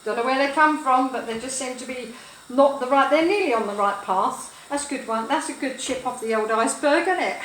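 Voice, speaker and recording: A woman's voice: high voice, brisk, few pauses, a little hiss or hum. A woman in her sixties, chatting and rambling through funny stories while cooking, mixing up her sayings as she goes. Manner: gossipy, rambling, mixes up sayings. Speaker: cooking vlogger. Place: home kitchen, food sizzling. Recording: echoey kitchen with loud frying.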